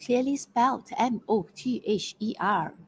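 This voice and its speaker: At a measured pace and a slightly high pitch, a Malaysian-accented teacher guides an interactive online poetry quiz, praising answers while stumbling through fillers and restarts. There's slight background noise on a rough recording.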